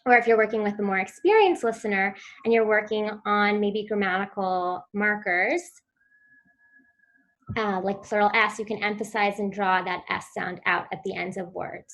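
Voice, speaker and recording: Woman calmly explaining speech strategies. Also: medium pitch, moderate pace. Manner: clear instructive delivery, models sounds for children. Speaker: speech therapy presenter. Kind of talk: virtual conference talk.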